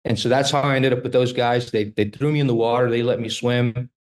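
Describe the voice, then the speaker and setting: In a relaxed interview, a man in his fifties who works as a trial lawyer recounts lively stories and performs the dialogue himself. He speaks briskly with a medium pitch.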